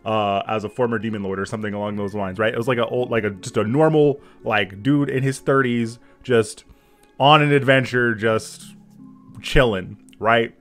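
Thirties dude reacting to a game, swears a bunch, gets hyped, faint music behind. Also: male voice, mid-range voice, normal speed. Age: 30s. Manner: excitable, swears a lot, laughs often. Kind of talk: casual reaction commentary.

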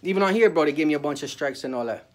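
A man rants at the camera in a fast, profane tirade, calling out people he is angry with. His voice sits high and quick. He drops to a mutter, then bursts into shouting, with "bro" and "yo" everywhere. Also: animated. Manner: peppers speech with "bro" and "yo". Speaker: vlogger. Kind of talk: angry ranting monologue.

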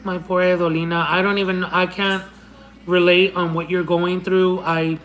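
A woman's voice: fairly low pitch, little pitch movement, normal speed, faint music behind, rough recording. A young woman hosting a casual livestream, reading out fan messages in an affectionate, rambling way, with Spanish as her first language. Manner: affectionate, calls viewers honey and my love; chatty, rambling with restarts and laughs. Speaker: livestream host.

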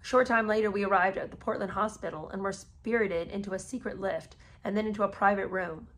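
Briskly and with fairly even intonation, a podcast host who is a mother of three reads from a memoir. Her mid-range voice has a fairly bright tone, and she breaks off now and then for sarcastic, disbelieving asides.

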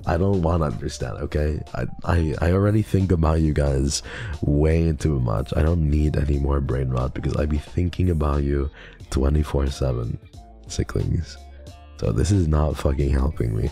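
Deep, gravelly man streaming a game. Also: moderate pace, soft background music. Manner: swearing, excitable, flustered reactions. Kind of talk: casual game stream commentary.

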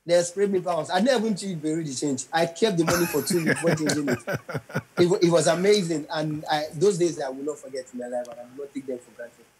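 A man's voice: fairly high pitch, brisk, rough recording. A young adult man, a comedian telling stories in an interview, acting out voices and singing lines. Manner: animated storyteller, acts out voices and sings lines. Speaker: comedian guest.

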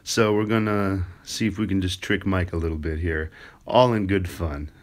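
A man's voice: low-pitched, steady tone, moderate pace. A man making a casual prank phone call, chatty and upbeat with lots of fillers. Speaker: prank caller, show host.

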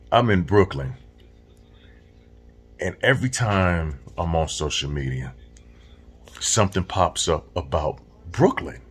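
A man's voice: sits low, lively intonation, slow pace, pauses often, slightly rough. A man talking casually and directly to his viewers as a vlogger. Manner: streetwise, direct, addresses viewers as y'all. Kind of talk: casual talk to camera.

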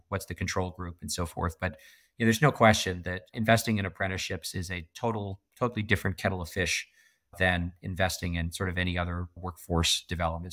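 Brief: low-voiced Canadian-born man, middle-aged, emphatic interview guest. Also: a bit bright, no echo. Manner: emphatic, laughs often. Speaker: podcast guest. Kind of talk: casual interview conversation.

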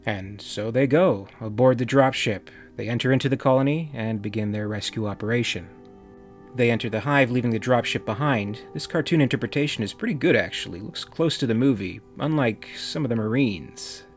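A man's voice: mid-range voice, a little fast, soft background music. A man narrating a comic review as host, in a dry, wry manner. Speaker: video essay host.

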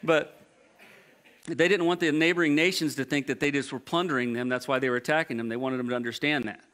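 A male pastor preaching a sermon, reading scripture aloud and commenting on it in a lively, jokey way. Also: mid-range voice, fast.

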